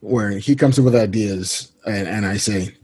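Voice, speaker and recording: A man guest on a podcast, telling casual anecdotes in a laid-back, self-deprecating way and acting out a friend's lines in a higher voice. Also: unhurried, background noise. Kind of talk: casual interview storytelling.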